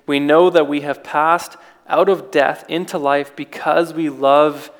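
A man's voice: fairly high pitch, steady tone, a little slow, long reverb tail. A man preaching an informal sermon in a conversational way, with restarts and rhetorical questions.

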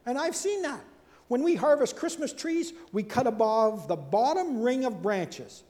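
A man preaching a sermon in a chatty, animated way, acting out the people he quotes and tossing in asides and rhetorical questions. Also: measured pace. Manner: animated, acts out quoted speakers with big swings in pitch and loudness. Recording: long hall reverb.

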